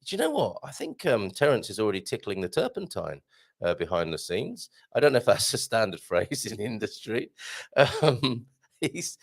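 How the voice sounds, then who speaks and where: Gravelly, lively British-sounding male host. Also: lowish voice. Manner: chatty, rambling, jokey asides. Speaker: radio show host. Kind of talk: casual live show chat, reading listener messages. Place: small home studio.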